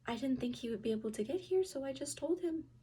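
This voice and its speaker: A woman's voice: high-pitched, expressive, fast, dark tone, breathy edge, voice pushed up, exaggerated voice. Woman playing a spoiled young princess. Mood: flustered.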